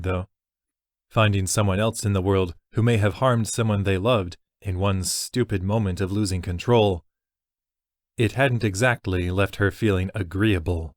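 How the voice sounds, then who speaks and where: A man reading a fantasy novel as narrator in an even, measured way. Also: fairly low pitch, no room sound, clean studio sound. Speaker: audiobook narrator.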